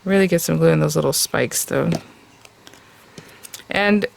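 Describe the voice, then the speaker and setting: A woman's voice: sits low, unhurried, creaky, slight background noise. A woman hosting a casual crafting tutorial, chatting and thinking aloud as she works, with plenty of fillers.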